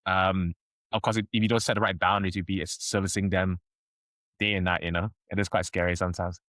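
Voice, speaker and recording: Casual low-voiced podcast host. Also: male voice, level tone, fast, fairly bright tone, dry recording. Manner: casual, filler-heavy, says like often. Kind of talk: casual interview chat.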